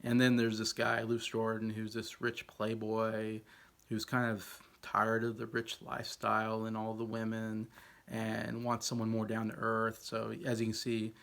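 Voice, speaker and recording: Gravelly low-voiced man rambling about movies. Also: monotone, unhurried, a bit bright. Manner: rambling, many fillers and hedges. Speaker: film reviewer. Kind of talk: casual movie ranking talk.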